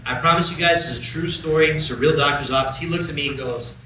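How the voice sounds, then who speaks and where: A man's voice: fairly high pitch, quick pace. A man doing a stand-up comedy set on a club stage, telling a story and acting out both sides of a conversation. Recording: roomy club, far from the mic, loud crowd noise. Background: audience laughter.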